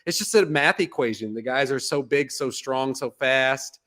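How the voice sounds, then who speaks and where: Halting man hosting a podcast. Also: medium pitch. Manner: halting, many restarts, relaxed. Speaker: podcast host. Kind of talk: casual podcast interview.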